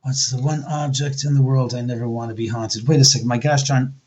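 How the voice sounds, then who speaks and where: A man's voice: mid-range voice, steady tone, a little fast, darkish tone. A man being interviewed as a guest, talking bluntly with plenty of swearing and acting out quotes as he tells his stories. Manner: blunt, profane, storytelling with acted quotes. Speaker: guest, haunted house owner. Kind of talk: animated interview talk.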